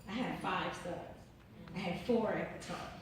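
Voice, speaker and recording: A woman's voice: lowish voice, normal speed, slight background noise. A woman author telling a personal story in an interview, earnest and emphatic, repeating herself in an informal way. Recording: very echoey room, distant mic.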